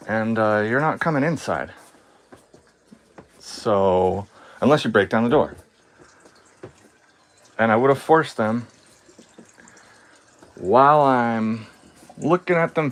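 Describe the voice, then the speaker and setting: A man talking on his live stream in a casual rant, sarcastic and mocking, often laughing, swinging between calm and heated. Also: mid-range voice. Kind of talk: casual ranting monologue.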